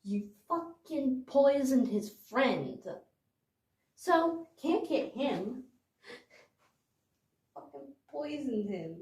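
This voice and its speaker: A woman's voice: sits high, lively intonation, extremely slow, long pauses, a little mellow, exaggerated voice. A woman as a desperate woman at her breaking point. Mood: ranting. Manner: swearing, ranting, repeating herself. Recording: roomy echo from a distant mic.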